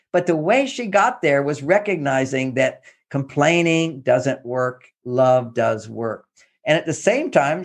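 A man from Texas, a therapist and relationship author, talking casually and animatedly, often acting out quoted phrases. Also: on the high side. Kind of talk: casual advice talk.

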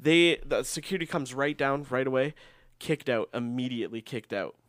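A man's voice: mid-range voice, moderate pace, no room sound, studio quality. Rambling, swearing young man. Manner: rambling storyteller, swears freely, laughs often. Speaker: podcast co-host. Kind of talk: casual chat. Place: indoors, shared house.

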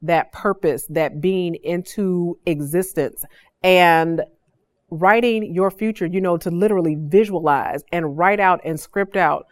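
A woman hosting a faith-based podcast, telling stories in an animated, preacherly way. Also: on the low side, a little slow, no echo. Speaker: podcast host.

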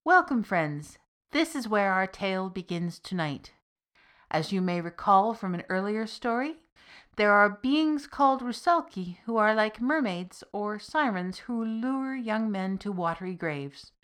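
A woman's voice: medium pitch, lively intonation, a little slow, a bit bright. A woman voicing a young man who opens a tale for his friends in a welcoming storyteller's tone. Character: young male courier telling a tale to friends.

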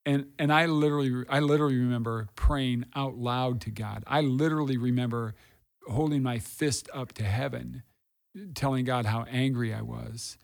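Earnest gravelly-voiced man pastor. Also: medium pitch, steady tone, normal speed. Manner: earnest, repeats phrases for emphasis. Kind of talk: candid conversational testimony.

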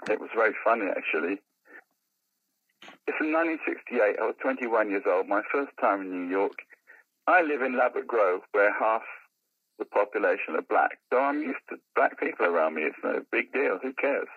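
Animated older raconteur, husky. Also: male voice, fairly low pitch, brisk, no room sound, narrow, tinny audio. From London. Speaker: podcast guest, musician and comedian. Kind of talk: anecdotal storytelling in casual chat.

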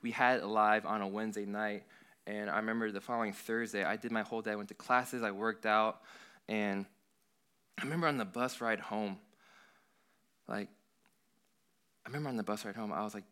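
A man's voice: lowish voice, flat delivery, brisk, long pauses, bright, forceful tone, clean tone. A young adult man, a worship leader, giving a casual youth sermon in an earnest, rambling way, full of "like". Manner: earnest, rambling, heavy use of "like".

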